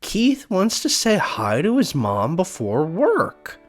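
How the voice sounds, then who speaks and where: A man plays a dopey, childish young woman who tries to sound snooty but comes off silly. The voice sits well above his own, high and whiny, with a simple, slow delivery. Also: wildly swooping pitch, exaggerated voice. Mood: eerie, repetitive.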